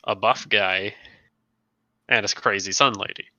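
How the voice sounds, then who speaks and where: A man chatting casually with fellow players about their tabletop campaign, animated and slipping into quick character voices. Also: fairly low pitch, no echo, lo-fi sound.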